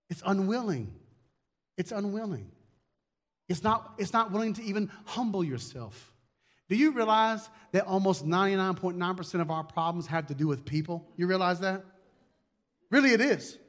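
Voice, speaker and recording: A man's voice: high voice, animated, normal speed, fairly bright tone. A male pastor preaching a conversational sermon, repeating key words and acting out little asides.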